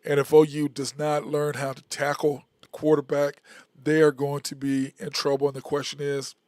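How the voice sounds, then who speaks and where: A man's voice: on the high side, completely flat delivery, moderate pace, darkish tone, dry recording, clean studio sound. A man hosting a solo live-stream sports talk show, casual and rambling, often repeating himself. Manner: casual, conversational. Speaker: host.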